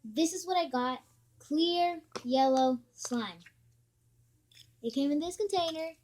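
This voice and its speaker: A woman's voice: sits high, takes it slowly, darkish tone. A woman vlogging a casual spoof unboxing, chatty and mock-annoyed as she complains.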